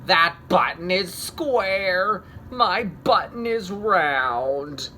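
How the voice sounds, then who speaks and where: A man voicing a fussy, grumpy male toad in a children's storybook read-aloud, slow and emphatic. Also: mid-range voice, sing-song, pushed and bright, a little hiss or hum. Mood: frustrated. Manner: whiny, indignant, slow and emphatic.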